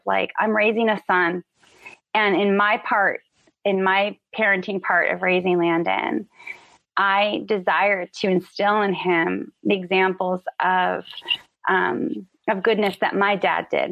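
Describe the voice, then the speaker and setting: A woman calling in to a live-stream interview, telling heartfelt stories with animated energy. Her voice has a gravelly, fry-laden texture. The audio is dry and close, with a dull, lo-fi remote sound. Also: mid-range voice, no room sound. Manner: animated, emotional storytelling. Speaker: guest, author and musician. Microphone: remote call.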